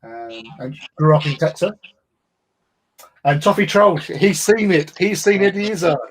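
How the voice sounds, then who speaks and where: A man's voice: fairly high pitch, measured pace. An English man hosting a livestream, chatting casually in a rambling way with lots of ums and restarts. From England. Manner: rambling, chatty, many fillers. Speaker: livestream host. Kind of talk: casual chat.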